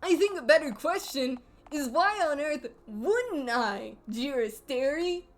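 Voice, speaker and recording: A woman's voice: sits high, lively intonation, a little slow, voice pushed up. A woman voicing snarky phone-headed carnival characters, reading game dialogue aloud in a sardonic, teasing manner.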